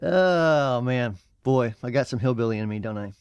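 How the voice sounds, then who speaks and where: A man's voice: medium pitch, animated, normal speed, darkish tone, smooth, dry recording, dull audio. A man with a Midwestern accent co-hosting a podcast in casual chat, rambling with fillers and easy laughs. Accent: American Midwest. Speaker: podcast co-host.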